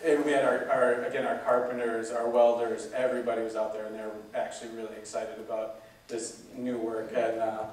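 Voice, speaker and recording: A man gives a relaxed zoo talk, full of fillers, in a flat, even voice. He stands well back from the microphone, and the large hall adds a heavy echo. The result sounds roomy and distant. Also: mid-range voice, brisk. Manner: relaxed, chatty, with many fillers. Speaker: zoo staff speaker. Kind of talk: casual public talk.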